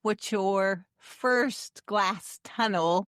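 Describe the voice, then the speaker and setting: A woman's voice: mid-range voice, drawn-out words, no room sound, studio quality. A woman hosting a podcast interview, enthusiastic and encouraging with her guest. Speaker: podcast host. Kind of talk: casual interview chat.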